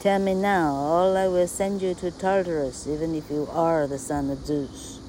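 A woman voicing an angry young male god, speaking loudly and scolding, in a read-aloud myth. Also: sits low, fairly even intonation, normal speed, a little hiss or hum, lightly acted, low-quality recording. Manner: loud, scolding.

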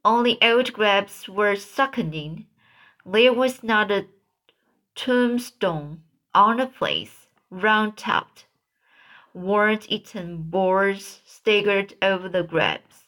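Female storybook reader, very slow, stumbles and repeats. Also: mid-range voice, fairly bright tone. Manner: slow, halting, repeats words. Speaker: audiobook narrator. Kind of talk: storybook reading.

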